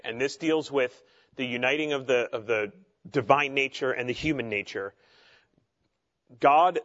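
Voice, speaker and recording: A man's voice: mid-range voice, a bit bright, lo-fi sound. A man teaching a theology class in a conversational way, with frequent fillers and asides.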